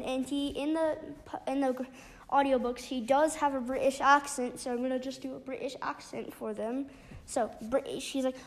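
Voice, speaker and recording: A woman casually retelling a book's plot, halting often with restarts and fillers. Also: sits high, steady tone. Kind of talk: casual spoken book recap.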